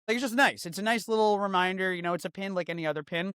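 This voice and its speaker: High-voiced sarcastic male podcast host. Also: clean tone, no echo, clean studio sound. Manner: sarcastic, animated, swings from loud outbursts to quick asides. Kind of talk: comedic news commentary.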